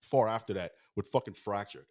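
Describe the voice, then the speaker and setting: This is a rapid-fire man with a lowish voice, recorded in a podcast studio. He tumbles from one band anecdote to the next, peppering every sentence with swears. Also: a little mellow. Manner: fast-talking, heavy swearing, rambling anecdotes. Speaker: guest musician. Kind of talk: casual storytelling.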